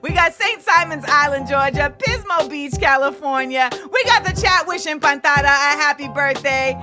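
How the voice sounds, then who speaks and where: A woman hosting a casual livestream, greeting her viewers in an animated, hyped-up way. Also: high voice, moderate pace, music in the background. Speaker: host.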